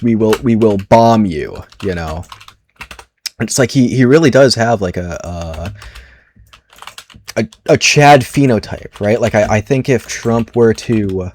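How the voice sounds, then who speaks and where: A man riffs through a deadpan, ironic comedy monologue, rambling and stacking fillers and restarts. His voice sits a little low, and he keeps an unhurried, offhand delivery. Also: slight background noise. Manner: rambling, deadpan, heavy internet slang, many fillers. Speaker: comedy video creator.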